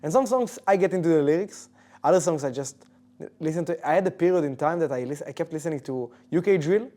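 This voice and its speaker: A man's voice: a little high, animated, quick pace, mellow. A man as an interview guest, chatting in an easygoing, casual way and often restarting his sentences. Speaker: guest, professional esports player.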